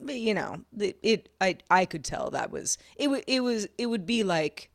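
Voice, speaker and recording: A woman's voice: mid-range voice, lively intonation, normal speed, creaky, no echo, clean studio sound. A woman in casual conversation, talkative, often restarting her sentences with light laughs. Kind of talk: casual chat.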